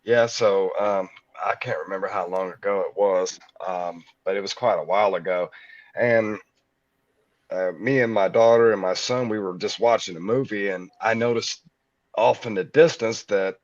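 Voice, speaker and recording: A man guest telling a personal story in a halting way, with many fillers and restarts. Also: on the low side, no echo, muffled recording.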